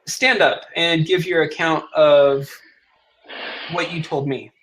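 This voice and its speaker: A man playing a stern, commanding noblewoman in a tabletop game, in a measured voice. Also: on the high side, fairly even intonation, a bit bright, low-quality recording.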